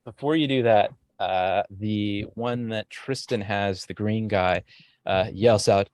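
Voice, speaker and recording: A man narrating as game master in a tabletop game, relaxed with frequent fillers. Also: on the low side, slow pace, dry recording.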